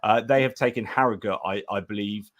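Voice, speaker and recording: A man with a low voice chats his way through an election-night live stream. He rambles, restarts his sentences and reads viewer comments aloud in an easy, casual way. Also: brisk, a bit bright.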